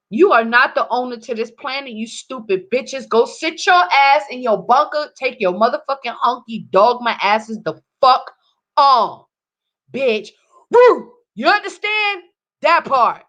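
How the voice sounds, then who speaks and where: A woman delivering an angry, profane monologue to camera, swinging between loud outbursts and low muttering. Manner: heated, profane ranting.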